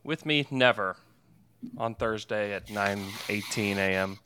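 A man's voice: on the low side, measured pace, noisy background. A man hosting a sports podcast, chatting casually with fillers and self-corrections. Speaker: podcast host.

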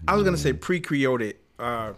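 A man's voice: mid-range voice, lively intonation, moderate pace, background noise. A man, a podcast guest, chatting casually and teasing the hosts with frequent laughter. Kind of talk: casual chat.

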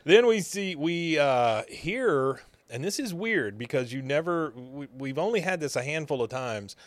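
A man's voice: on the high side, animated, a little slow, no echo. A man co-hosting a podcast, casually recapping an episode and laughing often as he retells scenes. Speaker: podcast co-host.

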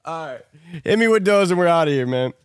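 A man's voice: fairly high pitch, lively intonation, smooth, no room sound, clean studio sound. A man co-hosting a casual podcast chat, laughing often and stretching words out oddly as he plays a word game. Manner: giggly, drawls words out slowly and oddly. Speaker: podcast co-host.

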